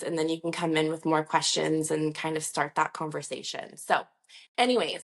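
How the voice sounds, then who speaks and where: Gravelly-voiced woman chatting reassuringly. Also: medium pitch. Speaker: nurse injector. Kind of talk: casual talk-to-camera vlog.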